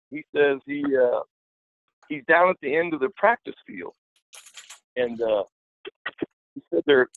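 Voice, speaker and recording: A gravelly-voiced man spins a lively anecdote in a relaxed, chatty way, slipping into the voices of the people he quotes. His voice sits a bit high for a man. It comes through a thin, phone-like line with no room sound at all. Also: a little hiss or hum. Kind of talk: casual storytelling.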